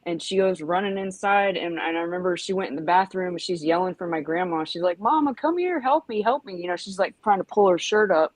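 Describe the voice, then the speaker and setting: A woman's voice: lowish voice, steady tone, fast talker, hardly any pauses, no echo, low-quality recording. Chatty woman in her forties. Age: 40s. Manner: rambling, lots of "you know" and "like", acts out yelps. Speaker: podcast host. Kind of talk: casual storytelling chat.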